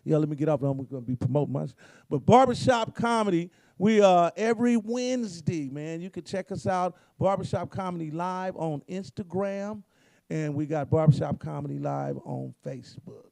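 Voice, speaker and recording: A hoarse man, telling profane, laid-back comedic stories about his family. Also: on the high side, normal speed, mellow, no room sound. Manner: profane, laid-back storytelling, acts out quotes. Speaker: guest comedian. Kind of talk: storytelling comedy.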